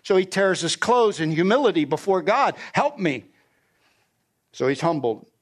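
A man's voice: high voice, sing-song, brisk. Man preaching with call-and-answer questions. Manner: expository, paraphrasing scripture in everyday slang; asks the congregation questions and answers them. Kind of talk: sermon.

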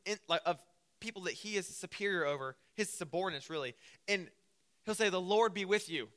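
A young man preaching a casual sermon, telling the story with lively acted-out quotes. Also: high voice. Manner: animated storytelling, acting out quotes.

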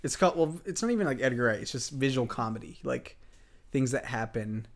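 A man's voice: medium pitch, animated, brisk. A man hosting a casual podcast, talking enthusiastically with lots of fillers and restarts. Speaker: podcast host.

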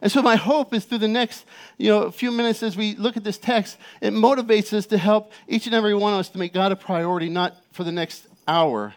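A middle-aged pastor with a light, high voice delivers a sermon. He talks casually through family stories, full of "you know" and restarts, then reads scripture slowly. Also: steady tone. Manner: conversational, personal storytelling with frequent fillers.

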